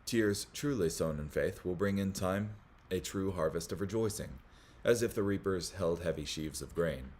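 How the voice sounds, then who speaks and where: A man hosting a Bible study, reading commentary aloud in a measured way, with small slips that he corrects as he goes. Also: deep voice, a little mellow.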